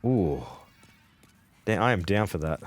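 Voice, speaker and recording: A man's voice: low-pitched, expressive, measured pace. An Australian man streaming a game, chatting casually with viewers, rambling, laughing often and swearing freely. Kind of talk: casual live-stream chat while gaming.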